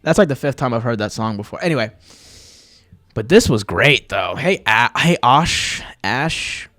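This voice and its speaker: A young man hosts his own podcast livestream, chatting loosely with viewers in a rambling way full of fillers, tangents and plugs for his channels. His voice is medium-pitched with lively intonation and a sharp tone, and he talks a little slowly.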